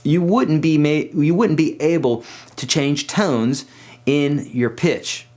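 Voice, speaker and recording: A man's voice: takes it slowly, darkish tone. A middle-aged man, a guitar teacher, talking casually in a home studio video lesson, chatty, with restarts and fillers. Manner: sings pitches to demonstrate.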